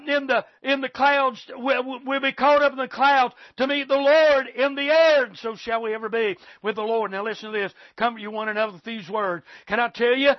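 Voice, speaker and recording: A man with a very high voice preaches with revival fervor, breaking in with exclamations of praise and speaking straight to his listeners. The recording sounds dull and muffled, with a dry, close sound. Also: no room sound. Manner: fervent revival preaching with many "thank God" and "I bless God" exclamations; direct appeals to the listener. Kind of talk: sermon.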